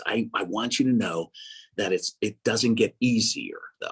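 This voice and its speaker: A man telling lively faith stories in a casual talk, with an excitable manner, acting out the voices he quotes. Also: lowish voice, a little slow, husky. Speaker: guest speaker.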